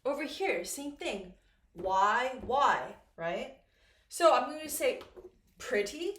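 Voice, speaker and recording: A woman teaching an English lesson at a whiteboard, slowly and patiently, repeating the key words. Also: sits high, big pitch swings, a bit bright. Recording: echoey room.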